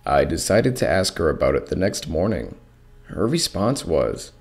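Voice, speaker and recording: A man reading a first-person horror story aloud with expressive narration. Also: deep voice, moderate pace, creaky.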